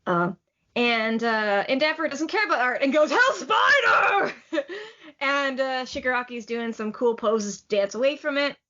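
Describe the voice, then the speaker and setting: Recapping a manga chapter on the podcast she co-hosts, a woman speaks with a fairly high pitch and a fairly bright tone. Her casual chatter is enthusiastic, laced with "like" and quick laughs, and the recording sounds slightly muffled and lo-fi.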